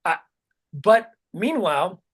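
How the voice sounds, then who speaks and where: A man's voice: high-pitched, sing-song, takes it slowly, breathy edge. A man co-hosting a podcast, ranting in a heated, profane, rambling way. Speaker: podcast co-host. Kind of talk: casual chat, ranting.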